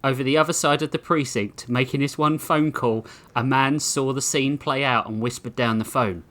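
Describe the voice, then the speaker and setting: A man reading his comic story aloud on a podcast, animated and laughing as he does character voices. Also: mid-range voice, normal speed.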